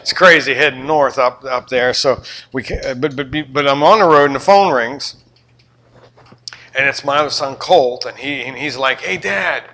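An older man with a Southern US accent preaching a sermon, animated and joking with his congregation. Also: medium pitch, normal speed, poor audio. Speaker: pastor.

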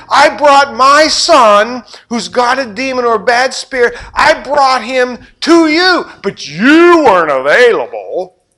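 A preacher acting out a desperate father who shouts from a crowd for help with his son. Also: extremely high pitch, pitched above the performer's own voice, heavily acted. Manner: loud, pleading.

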